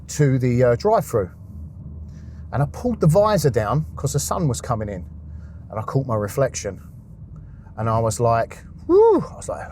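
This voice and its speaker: A man's voice: mid-range voice, darkish tone, a little hiss or hum. A man, a podcast guest, telling a raw personal story, swearing often and acting out his past thoughts.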